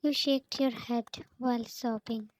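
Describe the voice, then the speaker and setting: A woman reading fanfiction aloud in a flat, even way, naming each speaker before their lines. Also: on the high side, a little slow, rough recording. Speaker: fanfiction reader.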